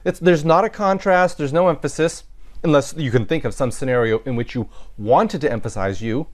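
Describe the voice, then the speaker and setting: Speaking a little fast and in a slightly high voice, a man delivers a recorded Latin lesson. He reasons out loud through each sentence, frequently starting over and fixing his own mistakes.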